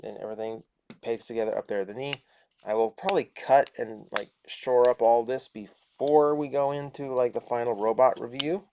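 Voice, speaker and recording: A man's voice: medium pitch, steady tone, moderate pace, background noise. A man casually reviewing a toy, chatting and thinking aloud as he transforms it step by step.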